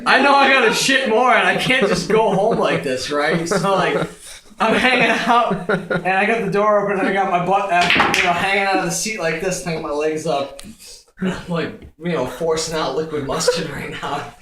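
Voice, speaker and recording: A man's voice: high voice, moderate pace, heavy background noise. Crude, laughing young man telling a story. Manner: crude, laughing, rambling with fillers. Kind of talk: casual comic storytelling. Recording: echoey room with crowd chatter.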